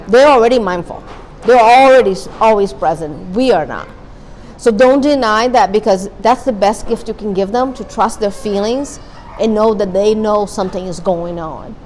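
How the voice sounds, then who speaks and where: A woman's voice: medium pitch, darkish tone, slight background noise, low-quality recording. A woman therapist giving an earnest, candid talk to a parent support group, repeating her key points. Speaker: guest speaker, therapist. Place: meeting room.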